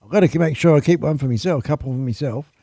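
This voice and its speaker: Male host, easygoing, rambling, casual swearing, gravel in the voice, fairly high. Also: racing, dark tone, no room sound, clean studio sound. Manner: rambling, full of ums and uhs. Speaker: live stream host. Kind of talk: casual live stream chat.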